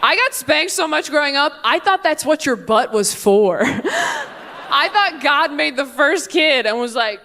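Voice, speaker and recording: A young woman performs stand-up comedy on stage into a handheld mic. Her voice sits high, and her delivery is punchy and playful. She drops into teasing put-on voices to act out the people in her stories. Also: very animated, a little slow, pushed and bright. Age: young adult. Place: comedy stage before a live audience.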